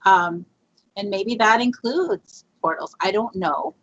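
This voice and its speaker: A woman's voice: medium pitch, takes it slowly, a bit bright. A woman guest telling a Bigfoot research story in a rambling, chatty way, with fillers and laughs. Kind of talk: casual storytelling in a podcast interview. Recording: lo-fi muffled audio.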